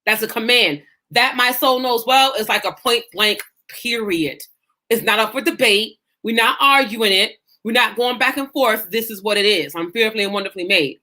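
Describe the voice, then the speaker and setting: A woman's voice: a little high, normal speed, sharp tone. A woman life coach teaching her group with passion and emphasis, in a preacherly way, with speech. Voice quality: emphatic, preacherly, acts out self-talk in quotes. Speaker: faith-based life coach.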